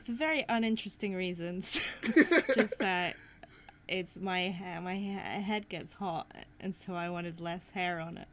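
A woman's voice: fairly low pitch, fairly bright tone, slight background noise. A woman co-hosting a film podcast, chatting casually with self-deprecating humor and frequent giggles. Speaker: podcast co-host. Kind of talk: casual chat.

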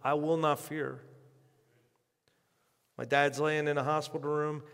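A male pastor preaching an impassioned sermon in a fairly high voice. His delivery surges loud and slow on key phrases, then falls back to a low hush. A long church-hall reverb trails every line. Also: little pitch movement, smooth. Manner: impassioned preaching with sharp swings in loudness and pace.

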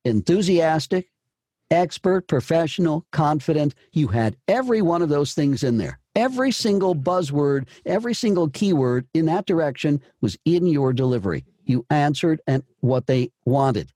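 A man's voice: a little high, expressive, normal speed, mellow, dry recording, clean studio sound. A man coaching a voice actor through a script, encouraging and repeating himself as he explains. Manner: encouraging, repeats words and restarts. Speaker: voice-over coach. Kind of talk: coaching session.

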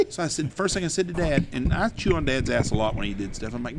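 A man, hosting a podcast and telling profane, animated stories in casual chat. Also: medium pitch, fast talker, hardly any pauses, noisy background. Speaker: podcast host. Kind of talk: casual storytelling.

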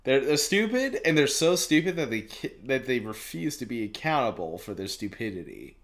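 A man chatting casually, blunt and swearing, joining in with quick jokes. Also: medium pitch, big pitch swings, fairly bright tone. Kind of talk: casual podcast chat.

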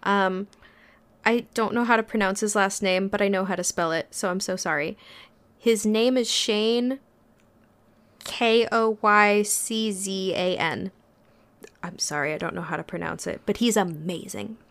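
A woman therapist talking in a relaxed, reflective way on a podcast, searching for her words with frequent pauses. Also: medium pitch. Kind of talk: casual reflective podcast talk.

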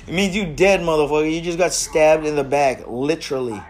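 Brief: male host, slightly high voice, rowdy and animated, swears a lot, casual chat. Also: normal speed. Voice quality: loud, profane and animated. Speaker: host of a smoking stream show. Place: garage.

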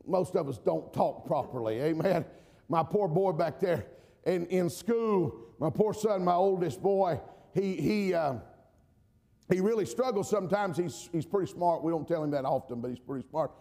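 A middle-aged man from the US South with a Southern drawl, preaching a sermon, emphatic, often calling out amen and swinging between shouts and quiet asides. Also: fairly high pitch, expressive, moderate pace, vocal fry, big-room sound. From Georgia, US South.

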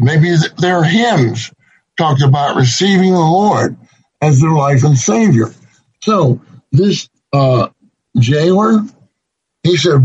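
A man preaching a sermon to his congregation, slow and deliberate, repeating key phrases for emphasis. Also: on the high side, slightly rough. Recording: dull lo-fi recording.

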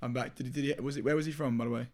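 A man's voice: mid-range voice, steady tone, racing, darkish tone. A man co-hosting a podcast in casual chat, probing with question after question. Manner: probing, keeps asking questions. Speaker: podcast co-host.

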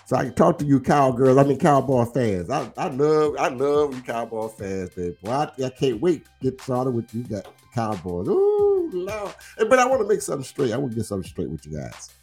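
A man's voice: mid-range voice, fairly quick, few pauses, slightly rough, soft background music. A man hosting a casual livestream, teasing and drawling as he talks football smack with viewers. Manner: animated, teasing, drawling, repeats himself. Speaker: livestream host.

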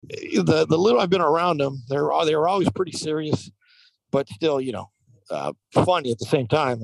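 A man who works as a professional baseball umpire, telling lively stories in a casual interview with many fillers. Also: fairly high pitch, vocal fry, no room sound, low-quality recording. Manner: animated anecdotal telling, frequent fillers.

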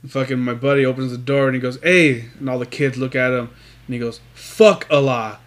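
A man's voice: medium pitch, quick pace. A man telling crude stories in casual, profanity-laced chat with a friend. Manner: profane, animated storytelling.

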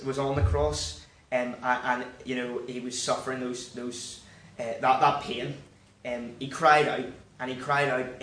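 A man's voice: mid-range voice, a bit bright. A young man preaches an informal sermon, stumbling through restarts and constant filler phrases in an earnest, encouraging way. His voice rings around a roomy hall from some distance off the mic. A faint hum of background noise sits underneath. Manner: halting, full of 'you know' fillers and restarts. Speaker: church speaker.

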